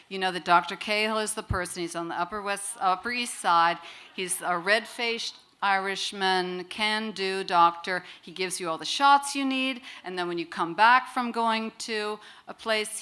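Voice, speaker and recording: Woman, middle-aged, bright and forceful voice, lively wry storytelling on stage. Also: medium pitch, clean tone. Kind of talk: live personal storytelling to an audience.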